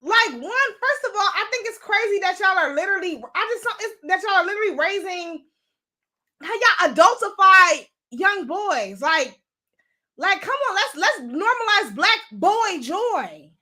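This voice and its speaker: A woman's voice: very high voice, animated, moderate pace, sharp tone. A young adult woman hosting a casual commentary show, talking bluntly and animatedly, swearing freely and laughing often. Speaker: show host.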